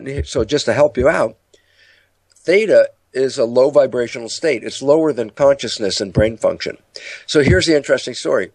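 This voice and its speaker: Man, middle pitch, lecture-style talk, acts out dialogue, dry close recording. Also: no room sound. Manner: animated storytelling, acts out inner dialogue in higher voices. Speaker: speaker on biology and the mind.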